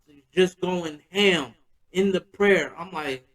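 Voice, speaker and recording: A man's voice: sits high, slow, a bit bright, poor audio. A man hosting a podcast, telling a personal story in a loose, slangy, conversational way. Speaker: podcast host.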